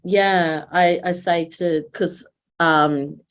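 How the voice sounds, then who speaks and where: Storytelling Australian woman, low-pitched. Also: steady tone, extremely slow, clear, resonant tone. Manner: storytelling, quoting her children. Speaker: podcast co-host. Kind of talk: casual chat.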